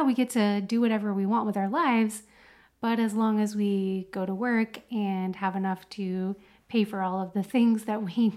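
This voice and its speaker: A woman co-hosting a podcast, talking in a chatty, animated way with many fillers. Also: mid-range voice. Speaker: podcast co-host. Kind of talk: casual chat.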